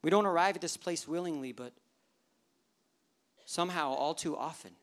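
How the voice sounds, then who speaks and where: Male pastor, thirties, preaching; animated and humorous storyteller. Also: a little high, normal speed. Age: 30s. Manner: animated storytelling, acting out worshippers' inner thoughts with humor. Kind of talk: sermon.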